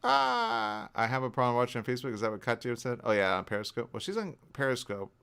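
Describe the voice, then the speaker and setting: Smooth-voiced male radio host. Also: very fast. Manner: animated, jokey, leaps in pitch for emphasis. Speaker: radio morning show host. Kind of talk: casual radio chat. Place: radio studio.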